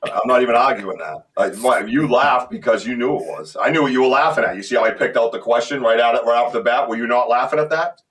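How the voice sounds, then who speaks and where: A man hosting a podcast in casual chat, excitable and talking in quick restarts. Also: medium pitch, recorded from a distance. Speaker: podcast host.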